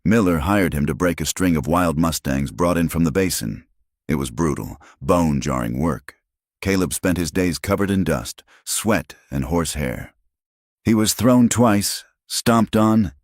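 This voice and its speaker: A man narrating a western audiobook in a steady, measured storytelling manner. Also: sits low, no echo, studio quality.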